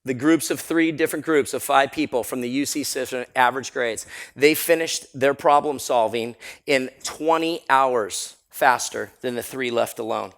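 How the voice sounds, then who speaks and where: Energetic man speaking at a seminar. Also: mid-range voice, moderate pace. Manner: energetic, storytelling, laughs often. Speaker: motivational speaker. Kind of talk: live seminar talk. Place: seminar room with audience.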